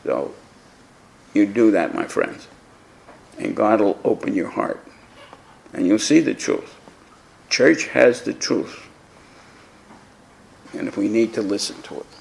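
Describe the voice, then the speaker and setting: Casting: elderly male preacher, 80s, gravelly voice, rambling and blunt, stumbles over repeated words, storytelling to a crowd. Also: on the low side, sing-song, slow, long pauses, darkish tone. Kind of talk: anecdotal talk to a live audience.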